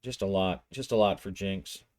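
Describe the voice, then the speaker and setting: A man's voice: low voice, normal speed, darkish tone, no echo. A man narrating a solo tabletop roleplaying session, storytelling with frequent restarts.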